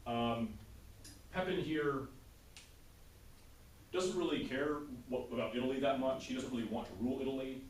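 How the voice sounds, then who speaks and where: A man's voice: mid-range voice, moderate pace, slight background noise. A male teacher giving a casual history lecture in class, often checking in with his students by asking "right?". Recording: roomy, distant classroom sound.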